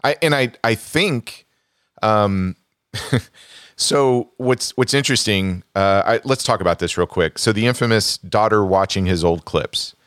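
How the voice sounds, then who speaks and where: A man's voice: on the low side, a little slow, fairly bright tone, no room sound, clean studio sound. A man co-hosting a podcast in casual chat, laughing and incredulous. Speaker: podcast co-host.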